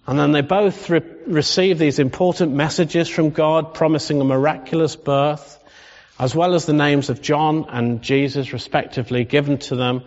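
A man preaching a sermon in a conversational style that rises into animated emphasis. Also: mid-range voice. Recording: dull sound with long hall reverb.

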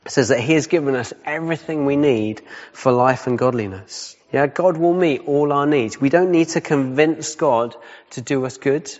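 A man preaching a sermon in a casual, conversational way, often checking in with "yeah?" and repeating his key points. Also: medium pitch. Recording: dull sound with long hall reverb.

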